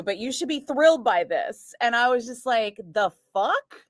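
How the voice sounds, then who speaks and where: Animated woman DJ telling stories. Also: a little high, normal speed, few pauses, no room sound, clean studio sound. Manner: animated, acts out quoted voices, frequent "like". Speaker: radio DJ chatting with a live stream. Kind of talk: casual storytelling chat. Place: radio studio. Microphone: studio microphone.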